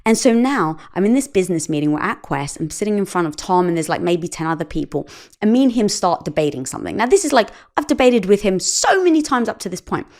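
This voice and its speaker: A woman's voice: mid-range voice, quick pace. A middle-aged woman speaking as a guest in a conversational interview, telling stories animatedly and acting out the dialogue. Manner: animated storytelling, acts out quoted dialogue. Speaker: podcast guest.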